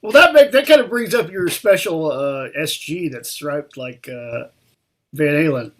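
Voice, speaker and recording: A man hosts a relaxed interview, tossing out chatty questions and chiming in with agreement. His voice is somewhat husky and fairly high. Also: a little slow. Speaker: interview host. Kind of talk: casual interview chat.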